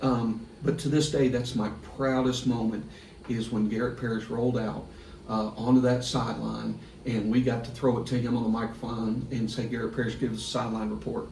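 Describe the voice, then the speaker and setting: A middle-aged man, a sports broadcaster guest on a podcast, telling a story in a lively way and laughing through it. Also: mid-range voice, normal speed, gravelly. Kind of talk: casual storytelling. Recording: echoey room, distant mic, faint hiss.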